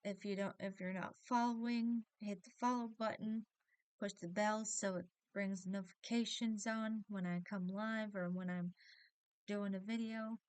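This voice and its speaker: A woman vlogger talking haltingly about missing her late cat and friend, often restarting her sentences and close to tears. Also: mid-range voice, steady tone, smooth, no room sound. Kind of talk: emotional personal vlog.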